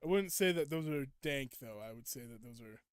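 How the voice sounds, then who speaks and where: A man's voice: mid-range voice, expressive, a little fast, smooth, no echo, clean studio sound. A young man streaming a game and chatting casually with viewers, ranting at them in playful mock indignation. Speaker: gaming streamer. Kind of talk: casual live gameplay chat.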